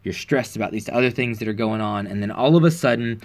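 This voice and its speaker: A man preaching in a relaxed, earnest, conversational way, telling a personal story with frequent pauses and fillers. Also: fairly low pitch.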